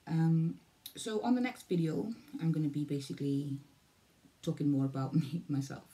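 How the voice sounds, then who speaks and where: A woman's voice: sits low, lively intonation, normal speed, warm tone. A Welsh woman in her forties talking casually to camera, rambling, repeating herself and losing her thread. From Wales. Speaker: vlogger. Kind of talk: casual vlog talk to camera.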